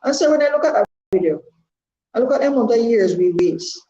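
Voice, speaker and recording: A woman's voice: a little high, lively intonation, a little fast, warm tone. A Jamaican woman of sixty-eight speaking her mind as a party member, earnest and rambling, repeating words for emphasis. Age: 60s. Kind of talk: candid testimony. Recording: echoey room, dull lo-fi sound.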